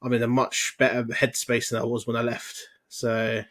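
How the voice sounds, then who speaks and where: A man in casual podcast chat who gives relaxed, sweary advice. His voice stays flat and even, with little rise or fall. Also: mid-range voice, moderate pace. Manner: laid-back, sweary advice-giving. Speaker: podcast co-host.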